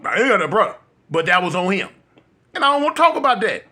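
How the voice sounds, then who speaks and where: A man's voice: high-pitched, big pitch swings, fast talker, bright, forceful tone. A man telling a story casually to his audience, laid-back and rambling, heavy on slang and repeating himself as he goes. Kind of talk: casual street storytelling to camera.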